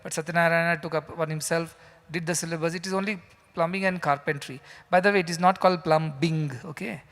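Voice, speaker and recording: A man's voice: on the high side, steady tone, fast, fairly bright tone. A man giving a sermon as a spiritual teacher in a large hall, emphatic and full of rhetorical questions. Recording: long hall reverb.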